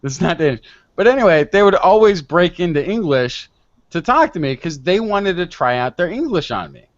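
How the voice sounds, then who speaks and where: An American man who hosts a podcast, arguing in a lively, animated way and cutting in often. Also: sits high, normal speed, no room sound. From United States. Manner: animated, argumentative, interrupting. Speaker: podcast host. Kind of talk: lively debate. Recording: dull lo-fi dry sound.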